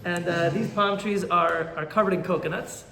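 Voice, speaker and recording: A man, a rabbi, teaching a Torah class as an animated storyteller who acts out the characters in his stories. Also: high-pitched, moderate pace, echoey room, a little hiss or hum.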